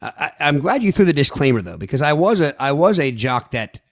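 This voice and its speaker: A man's voice: on the high side, sing-song, fast, no room sound, clean studio sound. A man co-hosting a podcast, joking and self-deprecating, often restarting his sentences. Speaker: podcast co-host. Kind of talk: casual podcast banter.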